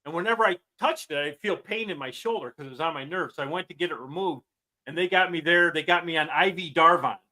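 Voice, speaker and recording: A man in his sixties co-hosting a casual podcast, telling stories with halting starts and restarts. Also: a little high, sharp tone, poor audio. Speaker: podcast co-host. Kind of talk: casual chat.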